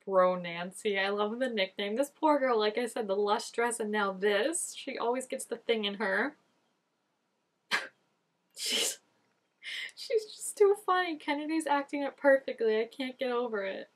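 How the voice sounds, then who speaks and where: A woman's voice: a little high, a little slow. A woman reacting to a TV episode in casual commentary, exclaiming, gasping and laughing often at the screen. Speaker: TV show reactor.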